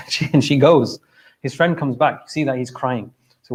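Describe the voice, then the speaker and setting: A man's voice: mid-range voice, normal speed. Man giving a casual mosque talk. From England. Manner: conversational, direct, frequent "okay?" and "look", brief laughs. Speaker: speaker at a mosque event. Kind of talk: informal sermon to a congregation. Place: mosque hall.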